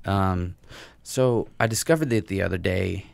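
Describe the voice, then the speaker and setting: A man's voice: deep voice, unhurried, gravelly, no echo. A man co-hosting a casual comedy podcast, telling profane, ranting stories. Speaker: podcast co-host. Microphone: podcast mic.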